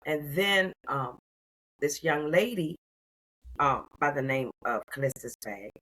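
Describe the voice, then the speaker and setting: A woman in her sixties telling her story as an interview guest, expressive and calling the listener "honey.". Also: sits low, slow pace, rough recording. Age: 60s. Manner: expressive, warm endearments like "honey". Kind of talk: animated personal storytelling.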